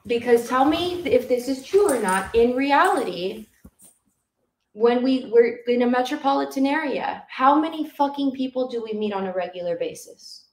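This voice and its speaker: A woman's voice: a little high, lively intonation, normal speed, a little mellow, echoey room, poor audio. A woman co-hosting a podcast in casual, blunt, profane chat, talking with emphasis. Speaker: podcast co-host.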